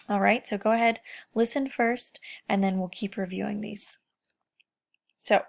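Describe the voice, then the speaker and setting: A woman teacher giving a remote lesson to young children in a slow, encouraging, sing-song voice. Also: medium pitch.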